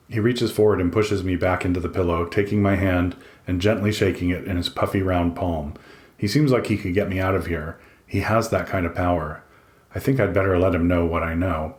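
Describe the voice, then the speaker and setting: Deep male voice, dry introspective audiobook narration, echoey room. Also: moderate pace. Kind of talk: first-person audiobook narration.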